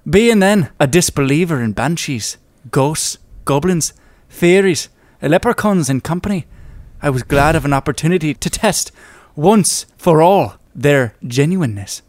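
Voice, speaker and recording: A man reading aloud as a genteel old Irish gentleman, in a put-on lilting Irish accent and a florid, old-fashioned manner. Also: high voice, animated, drawn-out words, hardly any pauses, clean tone, dry recording, voice pushed up, full character voice. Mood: solemn.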